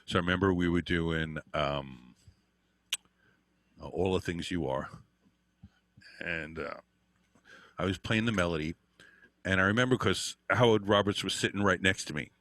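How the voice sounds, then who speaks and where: An older man with an extremely deep voice rambles through stories from his teaching years. He swears now and then, circles back, and fills gaps with "uh" and "you know." The sound is dry and close. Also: a little slow, pauses often, fairly bright tone, dry recording. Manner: rambling anecdotes with frequent fillers and swearing. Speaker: interview guest, guitar teacher. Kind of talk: casual storytelling.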